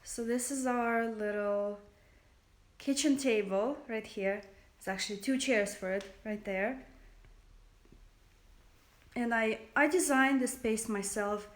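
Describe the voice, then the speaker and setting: A woman with a Russian accent chats on a livestream in a soft, earnest way, her voice sitting a little high. She talks into her phone camera, and the home kitchen around her gives the sound a roomy echo. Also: takes it slowly, long pauses. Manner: soft-spoken, earnest and chatty. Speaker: livestream host. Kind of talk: casual livestream chat.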